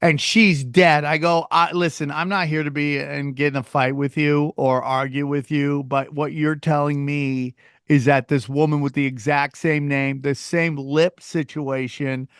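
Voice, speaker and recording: A man hosting a podcast in casual chat, telling stories with lively voiced quotes. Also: fairly high pitch, a little slow, clean tone, no room sound, clean studio sound. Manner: animated storytelling, acts out quoted people. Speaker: podcast host and comedian.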